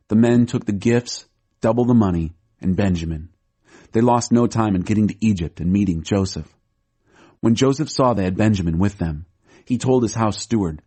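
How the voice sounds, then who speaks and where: A man narrating a Bible audiobook in a steady, measured storytelling voice. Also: on the low side. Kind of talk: scripted Bible reading.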